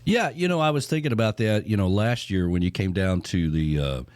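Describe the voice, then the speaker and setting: A man's voice: on the low side, lively intonation, brisk, darkish tone, dry recording. A man hosting a radio show in a casual, laid-back chat, peppered with "you know". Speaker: radio host.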